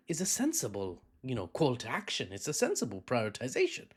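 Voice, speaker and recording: A man with a British accent talks through the news in a one-take commentary vlog. His pitch swings widely as he goes, with a middle-range voice. He drifts into chatty asides and corrects himself along the way. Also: wildly swooping pitch, brisk, breathy edge. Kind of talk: unscripted news analysis vlog.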